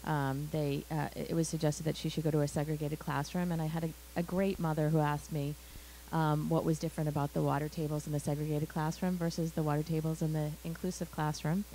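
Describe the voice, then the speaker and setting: A woman on a live community panel who speaks in an earnest, steady way. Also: sits low, fairly quick, a little hiss or hum, poor audio. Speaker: parent panelist.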